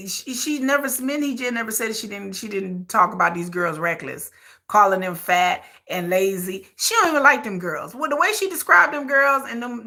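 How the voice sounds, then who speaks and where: A woman's voice: a little high, creaky, pushed and bright. A woman hosting a commentary channel, delivering blunt, emphatic opinions in a repetitive style.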